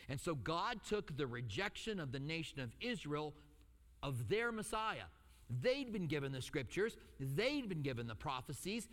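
Middle-aged pastor guy preaching, high voice, lots of acted-out quotes and jokes, big church echo. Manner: animated storytelling with acted-out quotes and asides. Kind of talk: sermon.

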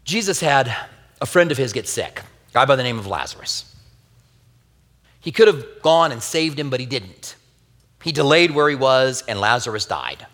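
A man's voice: mid-range voice, lively intonation, normal speed, long pauses, a bit bright. A man preaching a sermon as a pastor, telling a Bible story earnestly with wry asides and a tender, grieving personal tone. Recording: long hall reverb.

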